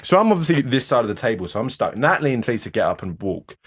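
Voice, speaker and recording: A man's voice: medium pitch, fast, breathy edge. A young man co-hosting a podcast, telling holiday stories in sweary casual chat with lots of restarts. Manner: lively, sweary storytelling with many restarts. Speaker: podcast co-host.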